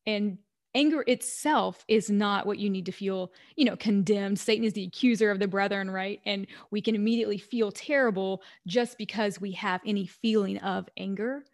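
Woman podcast host, affirming and reflective, steady mid-range voice. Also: mid-range voice. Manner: affirming, frequent mm-hmms, reflective questions. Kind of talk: podcast interview.

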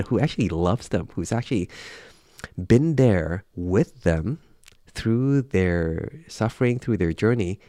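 A man's voice: sits low, warm tone, no echo, studio quality. A man reading through a Bible passage and reflecting on it aloud in a casual, thoughtful way, with many fillers and restarts. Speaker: Bible reader.

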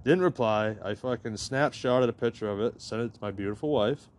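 A man in the middle of a storytime rant, his voice pitched right at an everyday middle. He rambles and swears freely, leaning on "like" every few words. A faint hum of surroundings sits under him. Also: fairly quick. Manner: profane, rambling, heavy use of "like". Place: campground in New Mexico.

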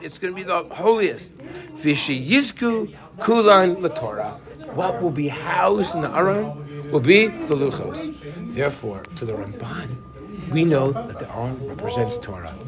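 A man teaching a Torah class who keeps asking his students questions. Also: sits high. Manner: animated, asks the class questions.

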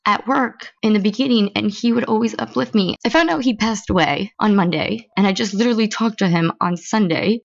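A woman's voice: mid-range voice, brisk, creaky, few pauses, lo-fi sound. A young adult woman hosting her own podcast, talking frankly and emotionally in a candid personal monologue, swearing casually. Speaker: podcast host.

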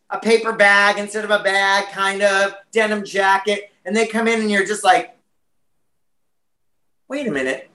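Brief: American man, chatty interview guest, high and bright, roomy echo. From United States. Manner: chatty and animated, many fillers. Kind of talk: casual interview chat.

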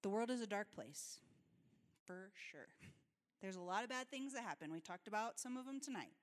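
A woman's voice: medium pitch, expressive, normal speed. A woman pastor giving a sermon in a casual, conversational and earnest way, laughing often. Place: church sanctuary. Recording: reverberant church hall.

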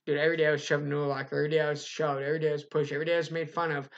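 A man's voice: fairly high pitch, racing, hardly any pauses, highs cut off. A young man co-hosting a podcast, telling profane stories in casual chat and acting out the quotes. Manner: profane, animated storytelling with acted-out quotes. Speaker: podcast co-host.

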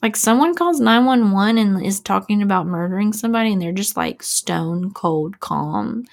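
A woman's voice: mid-range voice, lively intonation, moderate pace, creaky. A woman in her thirties hosting a casual true-crime chat, talking loosely with lots of "like" and fillers. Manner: chatty, filler-heavy, "like" after every few words. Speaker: podcast host.

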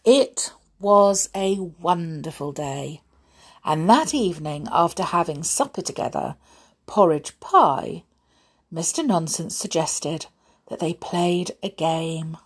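A woman's voice: on the low side, takes it slowly, slightly rough. A woman reading a children's story aloud, asking her young listeners questions along the way. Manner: animated, asks listeners questions.

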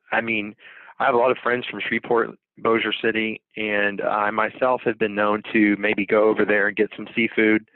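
A man's voice: fairly low pitch, dry recording. Male podcast co-host, folksy rambler, thin phone-band sound. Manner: rambling, folksy storytelling with drawled asides. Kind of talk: casual podcast chat. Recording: dry, tinny phone-like audio.

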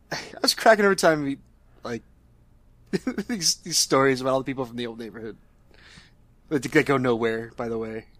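A man's voice: mid-range voice, moderate pace, pauses often, no echo. A man co-hosting a casual movie review chat, laughing often and swearing as he tells scenes. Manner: laughing, profane, animated storytelling. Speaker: podcast co-host.

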